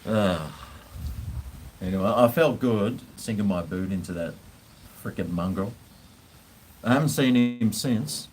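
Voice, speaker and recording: A man telling a casual, rambling story, with frequent pauses and casual swearing. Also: lowish voice, darkish tone, a little hiss or hum, low-quality recording. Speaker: vlogger.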